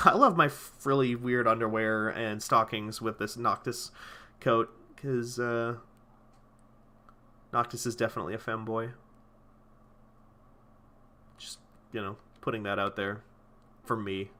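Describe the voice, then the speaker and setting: Bright-voiced male game streamer. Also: medium pitch, fairly even intonation, unhurried, pauses often. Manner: rambling, profane, enthusiastic. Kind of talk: casual gameplay commentary.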